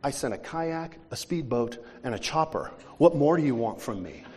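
A preacher voicing God as a calm, fatherly male figure speaking deliberately, in a reverberant hall. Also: lightly acted. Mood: exasperated. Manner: calm, deliberate, low-key.

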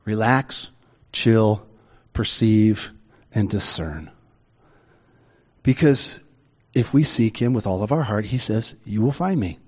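A middle-aged man preaching a sermon in a conversational way, with slow, emphatic pauses. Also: lowish voice, a little mellow. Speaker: pastor.

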